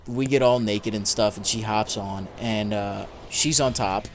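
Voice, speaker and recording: A man's voice: on the low side, fairly even intonation, unhurried, slight background noise. A young man, a gaming YouTuber, casually telling a story with lots of swearing, fillers and rambling asides. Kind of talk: casual storytelling over gameplay.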